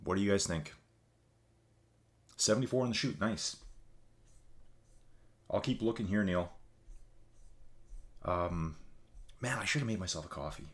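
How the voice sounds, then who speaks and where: Man, very low voice, tired, rambling live-stream host, chatty. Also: measured pace, pauses often. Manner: rambling, chatty, addresses viewers as folks. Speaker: livestream host. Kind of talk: casual live-stream chat. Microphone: desk mic with adjustable gain.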